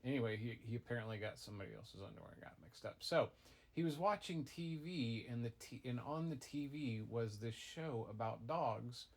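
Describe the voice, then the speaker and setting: A middle-aged man, a father improvising a goofy tall tale for his child, rambling with deadpan asides. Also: medium pitch, normal speed. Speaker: father telling a bedtime-style story.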